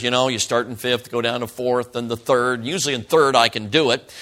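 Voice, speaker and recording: A middle-aged man from Chicago preaches as a traveling evangelist, with a bright, forceful voice. His delivery is folksy and chatty, and he keeps turning to the congregation with questions and jokes. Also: medium pitch. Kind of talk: sermon. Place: church service.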